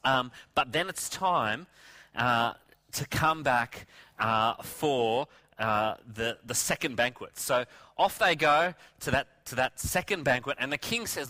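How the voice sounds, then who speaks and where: A middle-aged man preaching, retelling a Bible story in a lively way and acting out the characters' lines. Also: medium pitch, slow pace. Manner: animated, acts out characters' lines. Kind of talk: animated Bible storytelling sermon.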